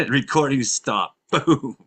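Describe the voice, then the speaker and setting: A man's voice: medium pitch, fairly bright tone, husky. A man from Canada hosting a casual live show, rambling and laughing often. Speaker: podcast host.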